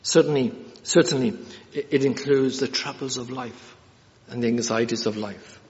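A slightly mellow, medium-pitched man speaks at a moderate pace in an earnest expository sermon, repeating key phrases over and over. Filler sounds mark his frequent hesitations between points, and the dull, lo-fi audio echoes with long church-hall reverb.

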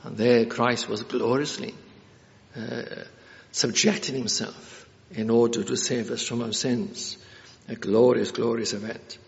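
A man preaching a sermon in an earnest, halting way, with many fillers and restarts. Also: medium pitch, steady tone, creaky. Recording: reverberant hall, dull lo-fi sound.

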